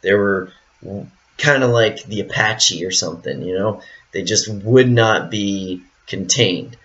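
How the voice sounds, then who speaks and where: A man with a fairly low voice reads a Bible passage and then talks it through in a loose, rambling way, leaning on fillers as he thinks aloud. The recording sounds dull and lo-fi. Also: slow pace, a bit bright. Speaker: Bible study teacher. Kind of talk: reading scripture then casual explanation.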